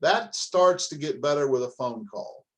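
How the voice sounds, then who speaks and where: A man's voice: a little high, expressive, measured pace, a bit bright. A middle-aged man giving a motivational coaching talk on leadership, emphatic and direct, firing off rhetorical questions and calling his listeners folks.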